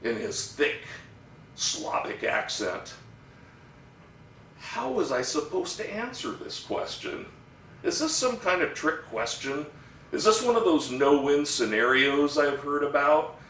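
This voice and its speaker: Slow-telling man on a distant stage. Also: a little high, sing-song, a bit bright, a little hiss or hum. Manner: slow, deliberate comic storytelling. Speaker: stage actor performing a monologue. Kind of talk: theatrical storytelling monologue. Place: theatre stage. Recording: roomy stage sound from a distant mic.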